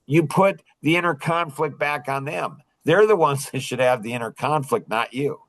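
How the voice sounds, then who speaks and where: A man teaching sales technique in a casual, animated way, acting out what to say to customers, with frequent restarts. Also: mid-range voice, normal speed, rough recording. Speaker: sales coach.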